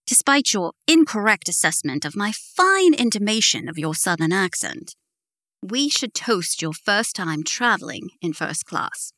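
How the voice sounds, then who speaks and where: A playful, charming young man who teases with easy banter, as a woman reads him in an audiobook. The voice is bright and clear, and it sounds close and dry with no room around it. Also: medium pitch, sing-song, a little slow, dry recording. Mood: teasing.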